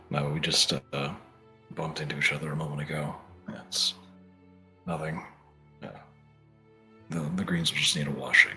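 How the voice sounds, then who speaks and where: A man voicing a polite, nervous young man who speaks softly and hesitantly. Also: extremely low pitch, pitched below the performer's own voice, heavily acted. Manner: hesitant, soft-spoken.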